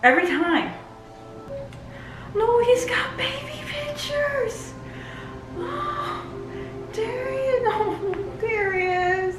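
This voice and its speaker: A woman giving a live reaction commentary, gushing and excitable as she talks back to the screen. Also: very high voice, very slow, pauses often, over music. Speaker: book and TV reviewer. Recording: roomy echo, faint hiss.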